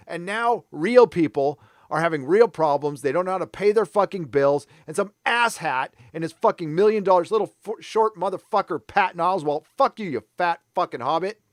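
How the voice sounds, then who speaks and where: A man's voice: sits high, expressive, normal speed, hardly any pauses, dry recording, clean studio sound. A middle-aged man hosting a live stream, ranting angrily and swearing a lot while reading viewer comments. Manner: angry, profane, ranting. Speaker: live show host.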